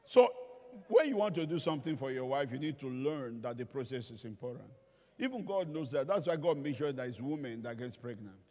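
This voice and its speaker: A male pastor delivers a humorous sermon in a church hall, animatedly telling stories and acting out the voices of people he quotes. His voice is medium-pitched and fairly quick. The recording carries the long reverb of a large hall.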